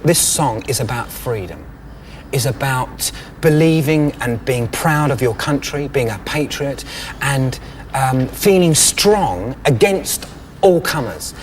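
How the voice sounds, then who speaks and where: A man working as a singing coach, talking in an animated, encouraging way. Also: medium pitch, slow pace, a little hiss or hum. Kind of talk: coaching session.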